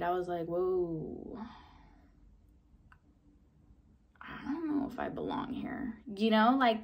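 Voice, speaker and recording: A young woman in her twenties telling a casual vlog story, chatty, full of "like" and mild swearing, jumping into excited high bursts when she replays her own reactions. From Southern California. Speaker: vlogger.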